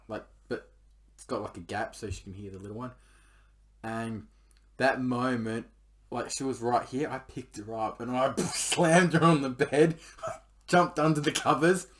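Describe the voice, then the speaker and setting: A man spins a crude personal anecdote in loose, casual talk. He swears constantly and leans on "like" as he rambles along. His voice sits at an ordinary, middle pitch. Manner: rambling, swears a lot, heavy use of "like". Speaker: podcast storyteller.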